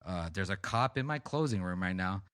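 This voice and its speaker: In a casual podcast chat, this co-host spins an animated anecdote that rambles and swears freely. He speaks briskly in a low-pitched voice, with studio quality and no room sound.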